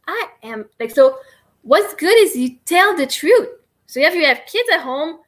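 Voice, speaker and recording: High-voiced chatty woman. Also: big pitch swings, normal speed, fairly bright tone. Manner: chatty, rambling, self-deprecating. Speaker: livestream host teaching tapping. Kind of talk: casual live demonstration.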